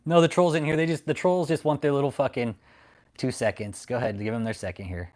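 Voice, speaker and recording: A man's voice: mid-range voice, fairly even intonation, fast talker, darkish tone. A man hosting a livestream, ranting at his critics and reading chat in a profane, mocking, confrontational way. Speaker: livestream host. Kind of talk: casual livestream rant.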